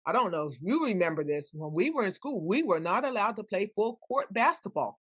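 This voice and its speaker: Older woman telling lively stories. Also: medium pitch, a little fast, slightly rough, no room sound. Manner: animated, acts out quoted voices. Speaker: guest. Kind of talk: storytelling in conversation.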